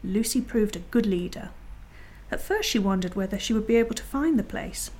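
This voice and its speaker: A woman reading a children's chapter book aloud as a bedtime story, in a gentle, quiet, even voice. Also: medium pitch, fairly quick.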